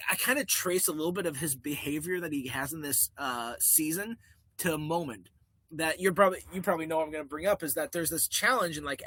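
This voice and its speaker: Bright-voiced man on a podcast, dry sound. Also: a little high, no room sound. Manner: animated, quotes people in put-on voices, laughs often. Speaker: podcast co-host. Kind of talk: casual chat.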